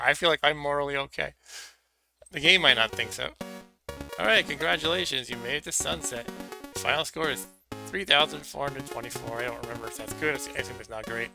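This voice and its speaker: A man streaming retro games and talking casually over the gameplay. His voice has a gravelly fry and a very bright, hard edge. He jokes at his own expense as he goes. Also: medium pitch. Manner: chatty, self-deprecating, laughs at himself.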